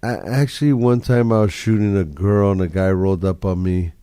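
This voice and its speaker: A man with a low, mellow, dark voice tells street stories in a laid-back, slangy way, swearing freely. The sound is dry and close, as on a casual podcast. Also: a little fast, smooth, dry recording. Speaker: photographer guest.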